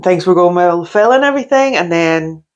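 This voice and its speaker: A woman's voice: lowish voice, fairly quick, dull audio. A woman in her fifties co-hosting a podcast, chatting casually and giggling between stories. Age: 50s. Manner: chatty, giggly, animated storytelling. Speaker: podcast co-host. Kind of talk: casual chat.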